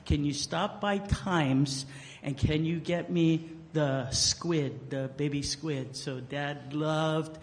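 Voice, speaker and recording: A man's voice: fairly high pitch, slow pace. A man giving a eulogy as casual, joking storytelling, acting out the quotes he tells. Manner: joking, animated storyteller who acts out quotes. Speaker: eulogy speaker. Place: memorial service hall. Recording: long hall reverb.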